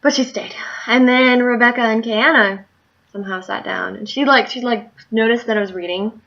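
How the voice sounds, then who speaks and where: A woman's voice: a little high, normal speed, gravelly, sharp tone. A tired woman telling a story in a candid, rambling video diary. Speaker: video diarist. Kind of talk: casual diary vlog. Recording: muffled lo-fi recording.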